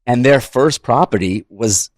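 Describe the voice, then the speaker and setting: A man's voice: mid-range voice, dry recording, studio quality. A man from Massachusetts hosting a podcast, chatting casually and peppering his talk with like and you know. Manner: rapid, heavy use of like and you know. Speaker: podcast host, business owner. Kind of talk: casual chat.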